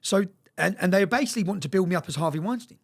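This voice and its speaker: Racing along in a high-pitched, animated voice, a man recounts his story in an interview. He's emphatic and profane and keeps asking "yeah?" to check in with his listener.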